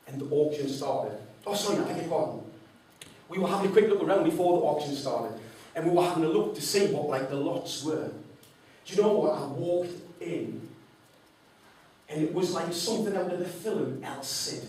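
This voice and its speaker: Speaking to a live crowd in a large hall, this motivational speaker animatedly recounts a personal story and mimics an auctioneer's rapid patter. He talks fairly quickly in a high-leaning voice, recorded at a distance with echo and slight background noise.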